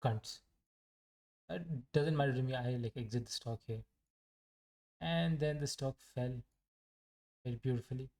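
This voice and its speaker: A young man with a mellow, warm voice talks through his trades in a loose, rambling way. He jokes often and pokes fun at himself. His pitch sits in an ordinary middle range. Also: measured pace, pauses often. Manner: rambling, joking and self-mocking. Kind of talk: casual live trading commentary.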